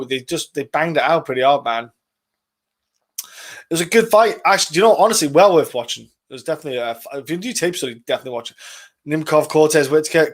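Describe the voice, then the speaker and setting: A man hosting a casual live stream of fight predictions, chatting loosely, swearing and reading viewer comments aloud. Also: fairly high pitch. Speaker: podcast host.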